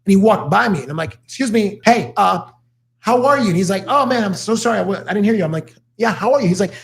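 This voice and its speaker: Male talk-show guest, motivational, rapid-fire delivery, slightly high voice. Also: gravelly. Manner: fast-talking, energetic, motivational. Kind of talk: casual talk show conversation. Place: studio.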